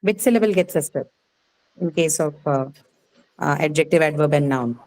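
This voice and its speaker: A woman's voice: deep voice, normal speed, darkish tone, rough recording. A woman teaching a class, explaining patiently with many fillers and checking questions. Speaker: English teacher. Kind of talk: live class lecture on word stress.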